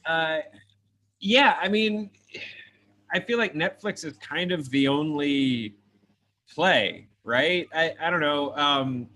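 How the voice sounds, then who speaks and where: A man's voice: on the high side, animated, takes it slowly, pauses often, bright, forceful tone. A man co-hosting a casual chat, making dry, wry jokes. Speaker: co-host.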